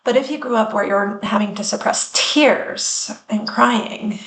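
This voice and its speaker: A woman hosting a wellness podcast, speaking in an earnest, reflective way with measured pauses. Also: mid-range voice, fairly bright tone. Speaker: podcast host and founder. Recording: roomy echo.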